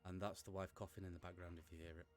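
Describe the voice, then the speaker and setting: A man's voice: low voice, little pitch movement, rapid-fire, faint music behind. A man narrating as game master, rambling and correcting himself as he goes.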